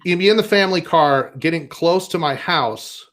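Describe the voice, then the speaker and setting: A man's voice: on the high side, moderate pace, a bit bright, a little hiss or hum. A man from Minnesota doing a stand-up set on a live comedy stage, rambling, self-deprecating and laughing at his own jokes. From Minnesota, USA.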